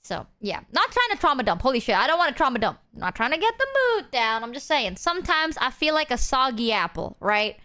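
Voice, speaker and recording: A woman's voice: sits high, sing-song, a little fast, few pauses, sharp tone, clear, resonant tone. A young woman streamer chatting casually with her viewers, rambling and self-deprecating, swearing freely and acting out people she quotes. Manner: quotes people in exaggerated put-on voices.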